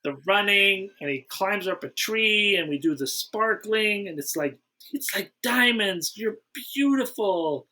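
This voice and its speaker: A man's voice: sits high, animated, measured pace, pushed and bright. A man hosting a casual movie podcast, fondly retelling scenes in a rambling way. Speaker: podcast host. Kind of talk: casual film chat.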